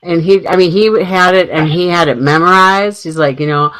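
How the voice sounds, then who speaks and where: A woman's voice: on the low side, steady tone, moderate pace, few pauses, fairly bright tone, a little hiss or hum, poor audio. A middle-aged woman co-hosting a radio talk show, telling family stories in a chatty way and laughing often. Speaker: radio co-host. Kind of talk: casual radio chat.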